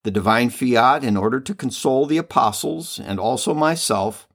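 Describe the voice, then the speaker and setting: A man reading the part of a loving heavenly mother and queen, slow, solemn and tender, in a devotional reading. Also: mid-range voice, fairly bright tone.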